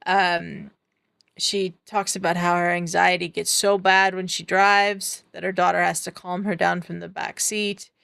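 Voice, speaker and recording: Gravelly, smooth-voiced woman recapping casually. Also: lowish voice, little pitch movement, measured pace, a bit bright, no room sound. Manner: chatty, retells scenes with filler ums. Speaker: podcast co-host.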